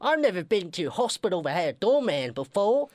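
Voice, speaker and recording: A man's voice: high voice, big pitch swings, fairly quick, darkish tone, no room sound, studio quality. A man doing a coughing sick man in a British accent. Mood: pleading. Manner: coughing, croaky. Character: sick man Carmichael with dirty infected wounds.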